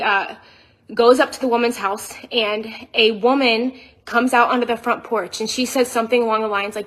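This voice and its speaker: A woman telling her own account to viewers on a phone video, rushed and shaken, full of fillers and restarts. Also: fairly high pitch, sharp tone. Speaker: mother telling her side in a social media video.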